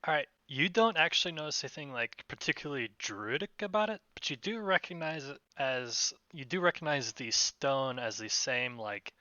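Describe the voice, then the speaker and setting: A man narrating as game master of a tabletop role-playing game, relaxed and hesitant, with many fillers. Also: mid-range voice, moderate pace, few pauses, no room sound, muffled recording.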